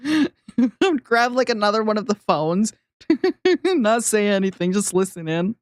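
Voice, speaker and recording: A woman's voice: mid-range voice, very animated, unhurried, no room sound, clean studio sound. A woman streamer chatting casually and giggling while reacting to a video.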